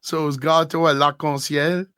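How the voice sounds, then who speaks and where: A man hosting a podcast in casual chat, telling an animated story and laughing often. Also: a little high, moderate pace, smooth, no room sound, studio quality. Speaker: podcast host.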